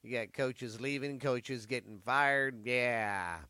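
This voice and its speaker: Bright, profane sports-talk man. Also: medium pitch, slow, clean tone, no room sound. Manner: rambling, profane. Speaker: podcast host. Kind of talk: casual sports chat.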